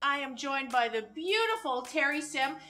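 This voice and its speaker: A woman from Canada hosting a cooking and fashion show, bubbly and quick to laugh. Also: high-pitched, big pitch swings, pushed and bright. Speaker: host.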